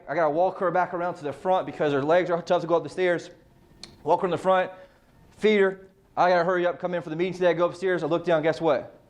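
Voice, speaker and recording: Male real estate coach, a bit high in pitch, casual motivational speaker who peppers the room with rhetorical questions and swears. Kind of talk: motivational team meeting talk.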